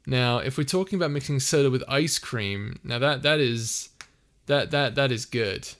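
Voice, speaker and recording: A man's voice: medium pitch, expressive, normal speed, a bit bright. A young man casually chatting on a live stream, reading viewer comments aloud and laughing often. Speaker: streamer and audio creator.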